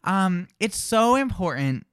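A man co-hosting a live morning radio show, chatting in an animated, jokey and self-deprecating way. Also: high-pitched, takes it slowly, clean tone.

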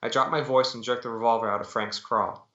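A man, an author, reading his own novel aloud in steady, dramatic first-person narration over a video call. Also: medium pitch, fast talker. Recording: dull echoey call audio.

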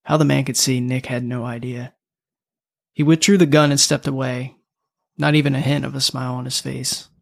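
Gravelly male audiobook narrator. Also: medium pitch, flat delivery, normal speed. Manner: casual, profane storytelling.

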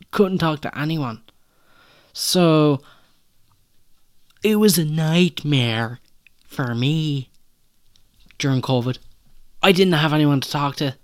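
A man's voice: a little high, takes it slowly, pauses often, smooth. A young man, hosting a solo podcast episode and talking in a rambling, self-conscious way with many hesitant restarts. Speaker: podcast host.

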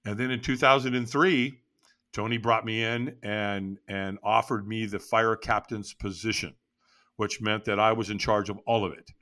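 Middle-aged man, bright and clear, lively guest storyteller who jumps into his own quoted lines. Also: normal speed. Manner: animated, acts out his own past lines with jumps in pitch. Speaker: podcast guest. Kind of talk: storytelling interview.

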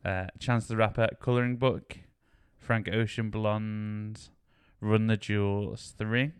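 A man co-hosting a podcast, chatting casually, his lines often trailing off quietly. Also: lowish voice, flat delivery, slow pace, clean tone, no echo, studio quality. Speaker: podcast co-host. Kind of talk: casual chat.

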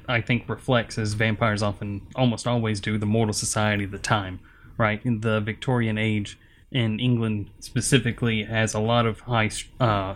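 A man's voice: lowish voice, fairly bright tone, slight background noise. A man co-hosting a casual podcast, teasing and rambling with many fillers. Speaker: podcast co-host.

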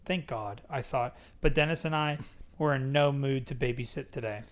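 A man's voice: mid-range voice, fairly even intonation, moderate pace. A man hosting a podcast, reading a memoir aloud in a casual way and stopping to joke about it. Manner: reads plainly, breaks off to joke. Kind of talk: casual read-aloud with banter.

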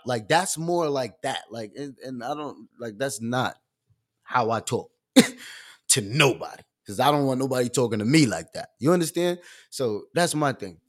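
A man hosting his own live stream, talking in an animated, loud and expressive way with casual slang and lots of fillers. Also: mid-range voice, normal speed.

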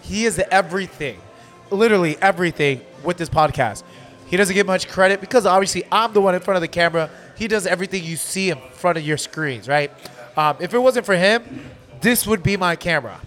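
A man in his thirties hosting a casual podcast chat at a bar, animated and motivational, leaning on the word literally. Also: sits high, a little fast, soft background music. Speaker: podcast host.

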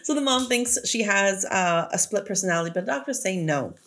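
A woman's voice: medium pitch, expressive, fairly quick, fairly bright tone. A woman co-hosting a podcast in casual chat, blunt and profane, laughing often. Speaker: podcast co-host.

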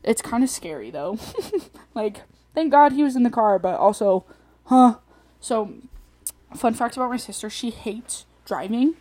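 Young female solo host, casual chatty storyteller, quick laughs, animated rants. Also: on the high side. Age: young adult. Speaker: podcast host.

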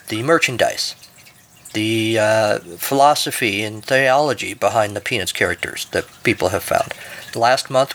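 A man's voice: medium pitch, a bit bright. A man hosting a podcast, narrating a comic story and reading the outro with dry, jokey asides. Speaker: podcast host.

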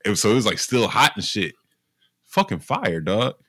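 A young man with a bright, forceful voice, fairly low-pitched, chatting casually with friends. He tells animated, slang-heavy stories full of swearing. The sound is dry and close. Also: moderate pace, breathy edge, no room sound. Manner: animated storytelling, profane slang. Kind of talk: casual chat.

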